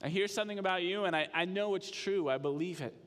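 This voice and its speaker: A man's voice: high voice, fast talker, fairly bright tone, long reverb tail. A man voicing a wealthy master who bluntly scolds and fires his manager. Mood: scolding.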